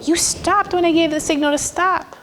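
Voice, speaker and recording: A woman's voice: very high voice, steady tone, normal speed, background noise. A woman music teacher leading young children in a classroom with encouraging, sing-song call-and-response prompts. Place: school classroom.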